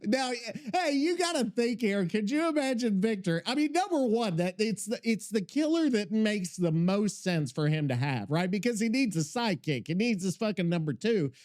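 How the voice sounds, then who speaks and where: Guy hosting a podcast, high voice that jumps all over, swears nonstop and rambles. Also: moderate pace, few pauses. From Missouri. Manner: excitable, rambling, heavy swearing. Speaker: podcast host. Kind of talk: casual podcast chat.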